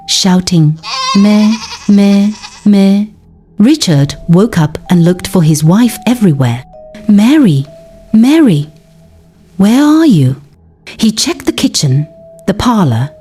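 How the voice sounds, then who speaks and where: Female storyteller, slow and dramatic, warm husky tone, lively pitch. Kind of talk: scripted folktale narration.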